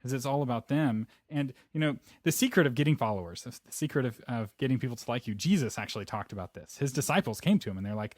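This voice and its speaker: A man hosting a podcast in easygoing conversation, working through his ideas in a measured, reflective way. His voice sits at an ordinary middle pitch. The sound is dry and close, with no room echo. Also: animated, a little mellow. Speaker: podcast host. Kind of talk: casual podcast chat.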